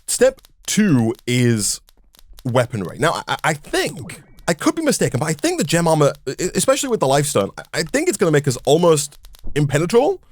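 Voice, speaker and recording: A man's voice: fairly high pitch, wildly swooping pitch, fairly quick, no echo. A young man co-hosting a gaming video, casually explaining his plans and handing out tasks with some dry banter. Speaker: gaming channel co-host. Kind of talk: casual gameplay chat.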